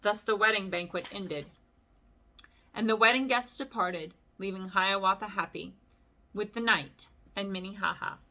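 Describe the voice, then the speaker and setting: A woman reads a long narrative poem as a bedtime story, steady and gentle. Her voice is bright and clear, at an everyday middle pitch, and she drops in relaxed, offhand comments between verses. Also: normal speed. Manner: gentle reading with casual asides.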